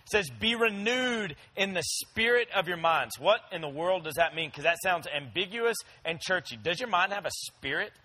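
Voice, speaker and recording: Bright-voiced, high preacher man. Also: expressive, normal speed, few pauses. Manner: conversational preaching with playful animal voices in stories. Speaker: pastor. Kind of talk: sermon.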